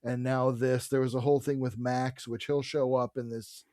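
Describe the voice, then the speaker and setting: A man co-hosting a casual comic book podcast, retelling scenes with animated bursts and the odd curse. His voice sits at an ordinary pitch and comes through dry and close, with no room sound around it. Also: normal speed, dry recording. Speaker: podcast co-host.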